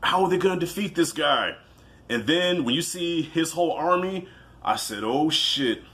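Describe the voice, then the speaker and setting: A man giving a casual, animated movie review, telling it like a story, swearing freely and acting out his own reactions. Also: on the high side, moderate pace.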